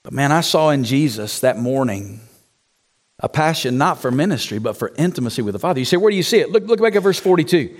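A man preaching a teaching session to church planters, talking straight to the audience with rhetorical asides, dropping low and quiet and then climbing to loud, high shouts. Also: lively intonation, fairly quick.

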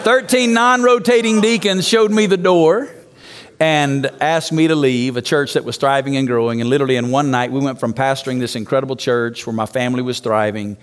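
A man's voice: medium pitch, a little fast, clear, resonant tone. A man, a pastor, preaching an emphatic sermon to a congregation in a church, prompting them to call out answers and telling his own story candidly.

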